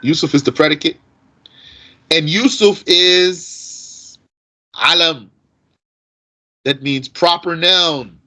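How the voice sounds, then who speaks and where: A man teaching Arabic grammar in an explanatory lesson, asking rhetorical questions and reciting Arabic quickly. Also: on the high side, sharp tone, rough recording.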